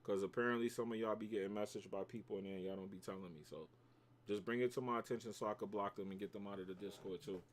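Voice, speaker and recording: A man's voice: lowish voice, fairly even intonation, fast talker, slight background noise. A man with a New York accent, hosting a casual trading livestream, bantering with his chat in slangy talk and reacting to his trades.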